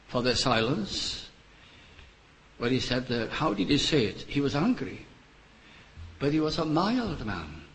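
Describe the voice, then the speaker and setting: An older man delivers a sermon in a measured, unhurried way. He speaks in short phrases with long pauses between them, sounding earnest and pleading. His voice sits at an ordinary middle pitch for a man. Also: a bit bright, rough recording. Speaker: preacher.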